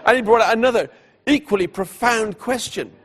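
A man preaching, telling a personal story in an animated way and voicing the people in it, then going hushed at solemn moments. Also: high-pitched, fairly quick, a faint crowd, a little hiss or hum. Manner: animated storyteller who voices the people in his tale; drops to a hushed, quiet delivery at solemn moments. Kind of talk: storytelling sermon.

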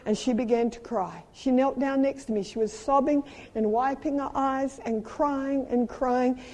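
A middle-aged woman with a South African accent, preaching a sermon as a traveling minister, moving between lively personal stories and emphatic urging. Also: high voice, measured pace. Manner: animated storytelling with playful sound effects and emphatic exhortation. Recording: long hall reverb.

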